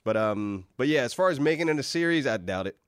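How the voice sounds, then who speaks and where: Podcast co-host, male, rapid animated chat, dry studio sound. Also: mid-range voice, clean tone, no echo. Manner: fast, animated, swearing, joking. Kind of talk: casual group chat.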